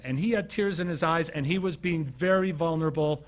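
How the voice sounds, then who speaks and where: This man from Utah, with a slightly high voice and a slightly quick pace, delivers a motivational keynote. He shares stories conversationally, acts out scenes, and asks the audience questions.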